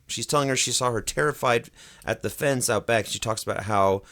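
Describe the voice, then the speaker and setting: A man's voice: mid-range voice, fairly quick. A young man hosting a podcast, recapping a horror film in casual chat and acting out the characters' lines. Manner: animated retelling with acted quotes. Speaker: podcast host.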